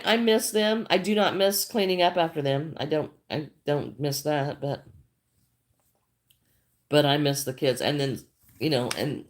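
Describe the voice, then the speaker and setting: Older woman, somewhat low voice, chatty livestream crafter who greets viewers and repeats herself. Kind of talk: casual livestream chat while crocheting.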